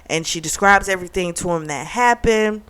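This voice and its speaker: Woman, book reviewer, casual plot recap, chatty, animated, smooth voice, lowish pitch. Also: a little fast. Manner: chatty and animated, heavy use of "like", laughs often.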